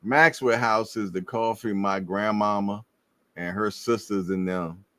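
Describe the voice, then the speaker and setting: Slow-talking slangy man, dry close sound. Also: on the low side, no room sound. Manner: slangy, animated, laughing, repeats himself. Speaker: livestream host. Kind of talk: casual boxing chat reading viewer comments.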